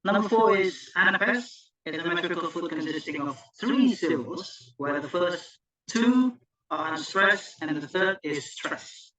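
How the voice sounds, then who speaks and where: A man's voice: high-pitched, lively intonation, measured pace, bright, forceful tone, low-quality recording. A man student giving a class presentation, reading from notes and correcting himself as he goes. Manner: correcting himself, restarting words.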